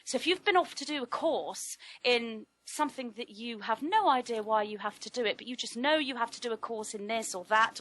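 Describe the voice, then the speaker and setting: Middle-aged woman, slightly high register, trained projecting voice, measured spiritual talk. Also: fairly bright tone, dry recording, low-quality recording. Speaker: spiritual speaker.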